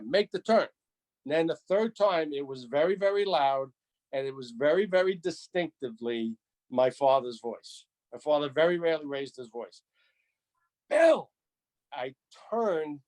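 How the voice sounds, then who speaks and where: A man in his sixties, a retired firefighter, telling a story in an animated, repetitive way. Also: on the high side. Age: 60s. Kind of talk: storytelling interview.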